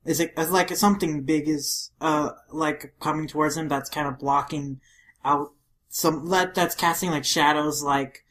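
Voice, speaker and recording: A woman's voice: low-pitched, measured pace. A woman co-hosting a podcast, eagerly retelling comic scenes in casual chat. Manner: enthusiastic, animated retelling. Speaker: podcast co-host.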